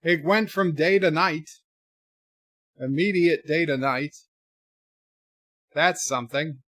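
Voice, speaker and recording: A man's voice: a little high, slow, a bit bright, no room sound, studio quality. A man casually commenting on a film while reading viewer chat aloud, with wry, sarcastic asides and frequent fillers. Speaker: streamer watching a film with chat.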